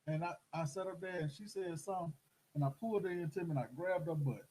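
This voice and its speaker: A middle-aged man telling a story in casual chat, animated and acting out the voices of the people in it. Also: on the high side, fast, breathy edge, low-quality recording. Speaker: host.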